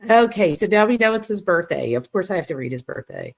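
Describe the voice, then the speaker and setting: A woman's voice: fairly low pitch, animated, quick pace, vocal fry. Casual woman reading texts aloud. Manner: casual, addresses viewers directly, reacts to what she reads. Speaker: true crime host.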